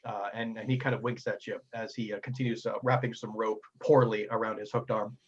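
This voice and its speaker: A man's voice: lowish voice, little pitch movement, brisk, husky, muffled recording. A man narrating a tabletop role-playing game as game master, with frequent restarts and fillers.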